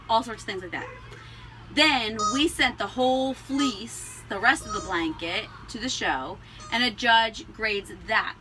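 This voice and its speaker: A woman co-hosting a casual farm podcast, chatty and quick to laugh while telling stories. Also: fairly high pitch, pushed and bright, a little hiss or hum, low-quality recording. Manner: chatty, laughs often, storytelling. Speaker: podcast co-host, alpaca farmer. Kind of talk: casual chat.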